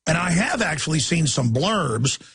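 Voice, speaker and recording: Gravelly, high-pitched ranting radio host. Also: male voice, sing-song, a bit bright. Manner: heated, rapid-fire ranting. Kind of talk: talk radio monologue.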